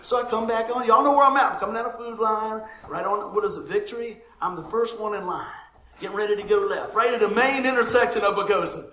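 A man's voice: high-pitched, fast talker, bright, forceful tone, echoey room. A man, a pastor telling a comic story at the start of his sermon and laughing often along the way.

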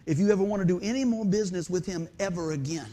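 A man preaching a sermon as pastor of a church, telling folksy stories with lively quoted voices. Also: high voice, quick pace. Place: church sanctuary.

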